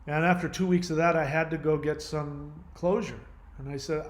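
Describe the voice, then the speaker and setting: A man's voice: fairly high pitch, fairly even intonation, moderate pace. Man rambling through a painful story. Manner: rambling, emotional, many fillers and restarts. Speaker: channel host. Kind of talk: personal story monologue.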